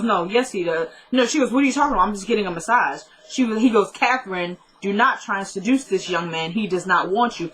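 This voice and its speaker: A young woman talks through a TV drama episode in an easy, chatty recap. She quotes the characters back and forth at a mid-range pitch and slips in joking asides. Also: fairly bright tone, slight background noise, low-quality recording.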